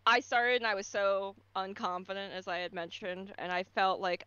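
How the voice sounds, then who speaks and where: A woman's voice: medium pitch, flat delivery, moderate pace, hardly any pauses, fairly bright tone, clean tone, no room sound. A woman voice actor chatting casually, encouraging and full of fillers. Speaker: guest voice actor. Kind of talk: casual chat. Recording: dry muffled mic.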